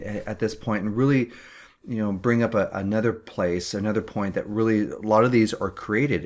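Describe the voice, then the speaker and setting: Earnest man giving a motivational talk. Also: on the low side. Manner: earnest, repeats words, fillers. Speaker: business coach.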